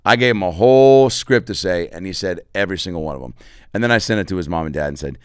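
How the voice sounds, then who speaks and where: A man hosting a comedy podcast, telling crude stories in an animated, rambling monologue full of tangents. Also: sits low, quick pace, smooth, no room sound, clean studio sound.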